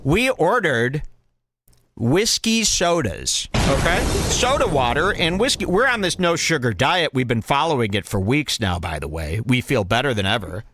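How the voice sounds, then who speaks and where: Animated man telling a comic story. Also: medium pitch, normal speed, slight background noise. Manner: animated, mimics people in stories. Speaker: podcast co-host. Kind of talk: casual comedic storytelling.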